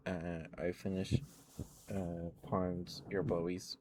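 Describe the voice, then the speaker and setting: A tired, worn-out man rambling softly and chuckling often, chatting sleepily to his stream viewers up close to the mic. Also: deep voice, fairly even intonation, slow pace, background noise. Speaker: ASMR streamer. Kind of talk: sleepy ASMR chat to live viewers.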